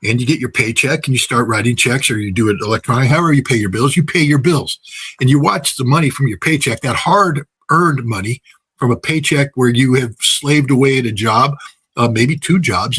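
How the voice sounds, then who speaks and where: A man with a slightly husky voice delivers political commentary without a script. He hammers his points home by repeating phrases, and leans on everyday examples between his ums and uhs. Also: medium pitch, brisk, fairly bright tone. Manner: emphatic, repeats phrases for effect, frequent filler words; folksy, uses everyday examples and laughs at his own points. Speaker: political commentator, interview guest.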